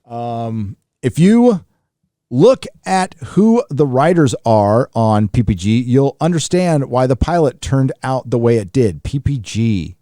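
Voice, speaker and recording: A man hosts a live stream and reads out viewer messages in a casual, rambling way. He swears freely and trails off into fillers and restarts. His voice sits at a middle pitch and the sound is dry, with no room echo. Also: big pitch swings, unhurried, dark tone. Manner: loose and profane, with many fillers and restarts.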